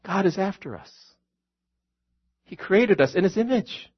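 A pastor preaches with earnest conviction, calling his listeners friends and repeating his key lines. His voice sits high for a man. The recording sounds dull and lo-fi. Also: lively intonation, measured pace, breathy edge. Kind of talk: sermon.

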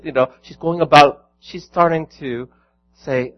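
A man's voice: fairly high pitch, normal speed, dull audio. A man preaching a sermon as pastor, earnest and building to emphatic peaks.

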